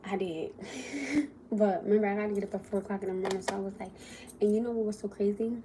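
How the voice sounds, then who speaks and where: Woman, young adult, animated storytime rant, swears, quotes others, noisy phone recording. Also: mid-range voice, quick pace. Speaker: livestreamer.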